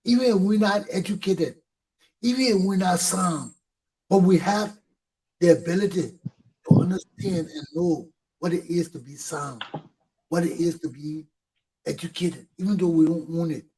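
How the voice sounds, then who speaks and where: Man, Liberian English accent, middle-aged, fiery talk show host, husky and fairly high. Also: expressive, normal speed, mellow, poor audio. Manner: fiery, repeats points for emphasis, swears. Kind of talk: impassioned talk show monologue.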